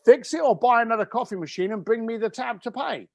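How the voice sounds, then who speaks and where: A man's voice: very high-pitched, fast talker, gravelly, dry recording, studio quality. A middle-aged man, a business founder, telling blunt, emphatic stories as an interview guest and swearing casually. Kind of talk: conversational interview storytelling.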